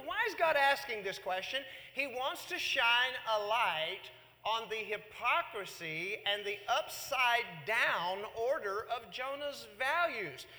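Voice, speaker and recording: A man preaching a sermon in an animated way, acting out the words of God and Jonah. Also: very high voice, big-room sound. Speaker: pastor.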